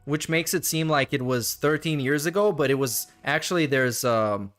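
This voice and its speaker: A man's voice: on the high side, normal speed, a bit bright. A young adult man giving casual, sarcastic reaction commentary, laughing and cursing as he goes. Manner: sarcastic, laughing, profane asides. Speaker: reaction streamer.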